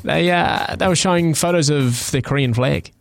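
A man's voice: a little high, moderate pace, gravelly, soft background music. A man co-hosting a radio show, chatting casually and jokily through light news stories with plenty of fillers. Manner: chatty, jokey, rambling with fillers. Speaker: radio co-host.

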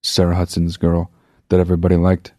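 A man's voice: low voice, completely flat delivery, brisk, dark tone, no room sound, studio quality. A man telling a comedic story in a rambling monologue, swearing freely and mocking himself, often stopping to correct himself. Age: adult. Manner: profane, sarcastic, rambling with self-interruptions.

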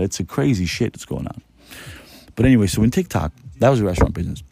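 Male podcast host, casual storyteller: low, mellow voice, profane and rambling, dry close sound. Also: sing-song, fast, gravelly, husky, dry recording.

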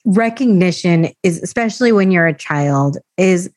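A woman's voice: on the low side, expressive, moderate pace, darkish tone, no echo. Woman podcast host, emphatic and encouraging, dry close sound. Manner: emphatic and affirming. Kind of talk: casual chat.

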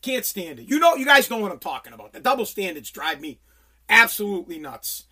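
A man's voice: high-pitched, sing-song, brisk, pushed and bright, breathy edge. A man hosting a solo podcast, ranting in an angry, profane way with lots of stumbling restarts. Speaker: podcast host.

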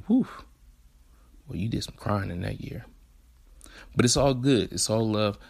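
A man in his twenties with a Southern US accent hosting a podcast, talking in a laid-back, candid way full of slang and swearing. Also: no room sound. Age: 20s. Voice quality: deep gravelly husky voice. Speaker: podcast host. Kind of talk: casual solo podcast monologue.

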